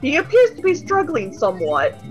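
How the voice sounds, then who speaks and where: A woman's voice: high voice, wildly swooping pitch, a little fast. A woman co-commentating a game stream, playful and giggly, teasing her partner. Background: game music.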